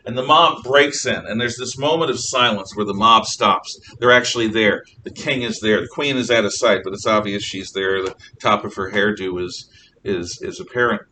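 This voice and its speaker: A man teaching a history class, telling the story in an animated, storytelling way and often clearing his throat. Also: fairly low pitch, normal speed. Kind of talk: classroom lecture. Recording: distant mic with faint noise.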